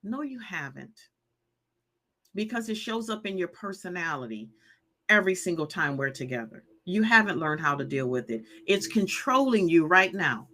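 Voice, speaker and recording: Expressive and at normal speed, a woman in her fifties with a fairly low, bright, forceful voice hosts a live healing-advice show. Her style is emphatic and preachy, with repeated points and viewer comments read aloud.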